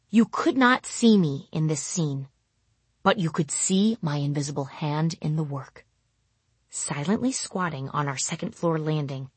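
A woman's voice: low voice, breathy edge, no room sound. A woman narrating a funny first-person memoir with wry, dry comic timing.

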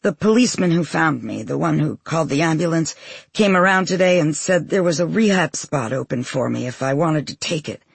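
Male reader voicing a nervous, hopeful young woman; husky, gravelly, high, dry. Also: animated, a little fast, dry recording, full character voice. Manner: soft, higher-pitched tone.

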